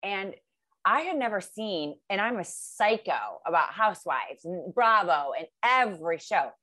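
A woman hosting a podcast in casual chat, eager and quick to react. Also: medium pitch, sing-song, bright, forceful tone. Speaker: podcast host.

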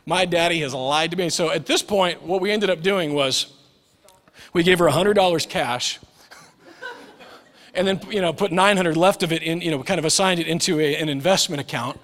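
Pastor in his forties, preaching with a lively, joking storyteller's touch; voice sits a bit high and rings out in a reverberant church hall. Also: moderate pace. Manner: storytelling with humor, acts out quoted voices. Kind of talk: sermon. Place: church sanctuary.

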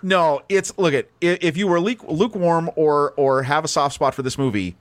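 A man's voice: fairly high pitch, normal speed. A man co-hosting a podcast, chatting casually and enthusiastically about films, often restarting his sentences. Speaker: podcast co-host. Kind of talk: casual movie chat.

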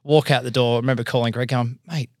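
An Australian man in his thirties, an accountant and business owner, telling his career story in a casual, animated way, acting out the voices he quotes. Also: mid-range voice, quick pace, no echo, clean studio sound.

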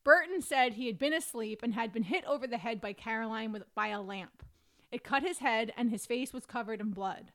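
A woman's voice: a little high, fairly quick. Woman co-host reading case notes. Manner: steady narration of notes and quotes. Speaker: podcast co-host.

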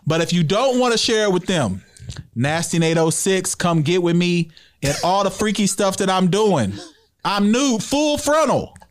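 Podcast co-host, male, high lively voice, playful and teasing. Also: moderate pace. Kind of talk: casual chat.

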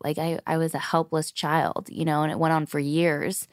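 A woman hosting a podcast, speaking earnestly and openly in candid conversation, animated as she recounts things. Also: deep voice, moderate pace, dry recording, clean studio sound. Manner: earnest, open, animated when retelling talks. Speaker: podcast host.

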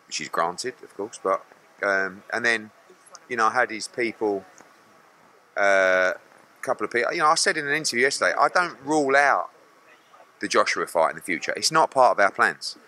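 Man, middle-aged, boxing promoter, blunt, lively, bright forceful voice. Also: on the low side, a little fast. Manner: blunt and animated, acts out other people's lines. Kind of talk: press interview answers.

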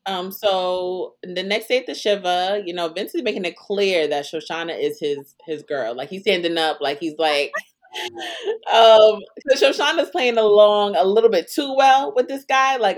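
A woman's voice: medium pitch, big pitch swings, unhurried. A woman co-hosting a casual chat, laughing often and acting out quotes as she recaps a show. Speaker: podcast co-host.

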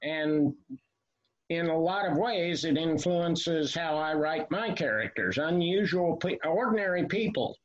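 A man in his seventies, with a voice a little higher than most men's, talks through his memories in a measured way, pausing often on "uh". The recording sounds dull and lo-fi. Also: expressive. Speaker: author guest. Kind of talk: casual interview chat. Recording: lo-fi, muffled sound.

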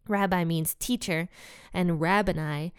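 A woman's voice: on the low side, steady tone, a little slow, clear, resonant tone, no echo, studio quality. A woman giving a casual, chatty Bible lesson, retelling the story in her own words with many asides. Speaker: Bible teacher.

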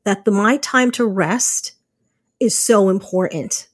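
A woman hosting a podcast, chatting casually about rest and faith, lively and laughing often as she acts out little quotes. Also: mid-range voice, takes it slowly, breathy edge, no echo, studio quality. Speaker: podcast host. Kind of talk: casual faith-based self-care talk.

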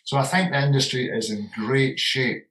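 A man's voice: medium pitch, steady tone, moderate pace, low-quality recording. Older man, rambling and heartfelt. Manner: warm, rambling, repeats words for emphasis. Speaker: retiring distillery manager and whisky blender. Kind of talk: relaxed interview conversation.

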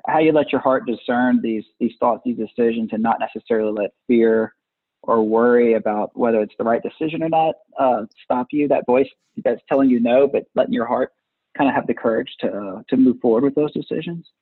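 A male podcast host asks long, rambling questions in a relaxed interview. His voice is husky and recorded dry. The sound is thin and tinny, like a phone line. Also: medium pitch, fairly quick, no room sound. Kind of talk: casual interview.

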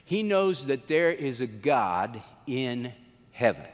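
A man pastor preaching a sermon, telling the story in an animated way and acting out the quotes. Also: slow, long reverb tail. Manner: animated storytelling, acts out quotes with swings in pitch.

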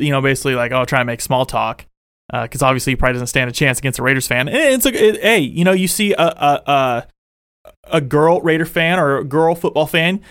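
A young man hosting a casual sports fan show, excitable and rambling, full of restarts. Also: on the high side, smooth, dry recording, clean studio sound. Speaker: podcast host.

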